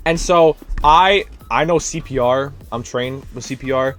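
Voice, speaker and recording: A young man, a student teacher, telling a rambling, animated story in a casual vlog, full of fillers and worn out from his day. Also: medium pitch, a little slow, faint music behind. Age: young adult. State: tired, drained.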